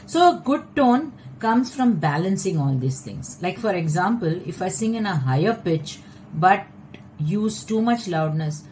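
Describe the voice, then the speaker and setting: A woman vocal coach teaching a lesson, explaining in a measured, patient way. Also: mid-range voice, lively intonation, a little mellow, slight background noise, low-quality recording.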